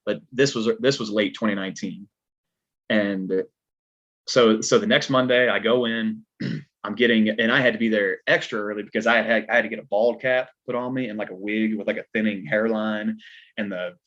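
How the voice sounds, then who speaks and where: A man's voice: fairly low pitch, steady tone, moderate pace, fairly bright tone. A man with a Southern American twang, a stuntman guest on a podcast, telling a story in a laid-back, rambling way full of filler words. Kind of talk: casual storytelling chat. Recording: dull lo-fi podcast audio.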